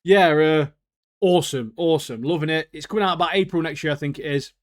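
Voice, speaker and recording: A man co-hosting a podcast in casual chat, slangy and excitable, laughing often. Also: fairly high pitch, fast talker. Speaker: podcast co-host.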